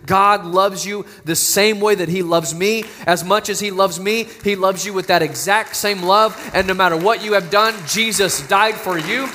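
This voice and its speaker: A man preaching a sermon, building to emphatic, near-shouting appeals to the congregation. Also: high-pitched, fairly even intonation, moderate pace, hardly any pauses, background noise. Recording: long hall reverb.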